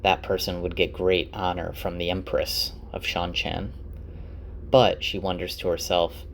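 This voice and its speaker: A man casually retelling a novel's chapters for his wife, chatty and relaxed, with lots of fillers and restarts. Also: sits low, unhurried, creaky, a little hiss or hum. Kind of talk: casual spoken book recap.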